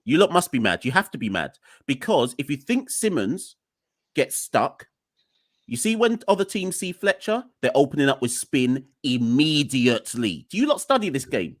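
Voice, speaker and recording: A man's voice: mid-range voice, very animated, moderate pace, no room sound, studio quality. A man hosting a cricket podcast, speaking in an emphatic, exasperated way and talking straight to his listeners. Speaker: podcast host. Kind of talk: opinionated cricket podcast rant.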